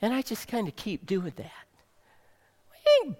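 A male pastor delivering a sermon, swinging dramatically between loud emphasis and soft near-whispers. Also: high-pitched, wildly swooping pitch, normal speed, long reverb tail.

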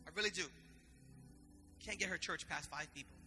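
A man's voice: high voice, a little fast, pushed and bright, big-room sound, faint music behind. A man preaching a sermon in an impassioned, conversational way, often repeating himself. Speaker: pastor.

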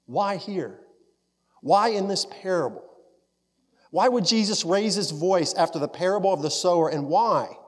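A man preaching a sermon as pastor, earnest, rising to fervent emphasis and then dropping soft and low. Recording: long reverb of a large hall.

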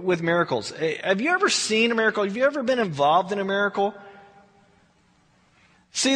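A man's voice: high voice, fairly bright tone, husky, in a large hall. A man preaching a verse-by-verse sermon in a conversational way, often restarting and repeating words. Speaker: pastor.

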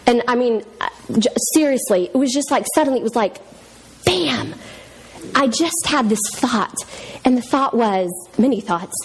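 A woman's voice: a little high, lively intonation, moderate pace, slight background noise. A woman in her thirties or forties giving a church talk, chatty and self-mocking, laughing often as she tells a story. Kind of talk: sermon-style storytelling.

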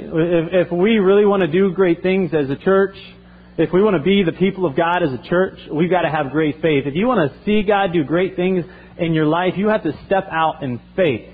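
An earnest male pastor delivering a sermon, often circling back and restarting his phrases. His voice is fairly high, and the recording sounds thin and phone-like.

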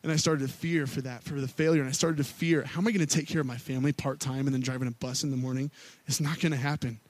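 A man's voice: fairly even intonation, quick pace, dry recording. Candid storytelling man preaching. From Missouri. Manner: candid storytelling, rising to loud pleading then dropping low. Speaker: worship pastor. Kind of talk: sermon.

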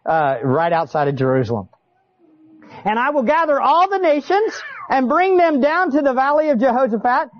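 A man preaching a sermon, chatty and animated, often turning to ask his listeners questions. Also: very high voice, dull audio. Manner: animated, conversational, asks the audience questions. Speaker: pastor. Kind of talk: expository sermon.

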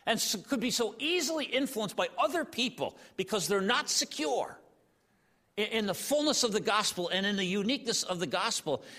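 A man preaching a sermon in an animated, conversational way, often saying "you know.". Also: sits high, moderate pace. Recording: long hall reverb.

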